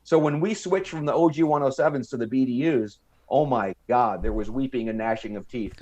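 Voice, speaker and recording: A middle-aged American man talking casually as a guest, mid-pitched and easy. He tells his story with energy and slips into little voices for the other people in it. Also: brisk, darkish tone, highs cut off. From United States. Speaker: podcast guest.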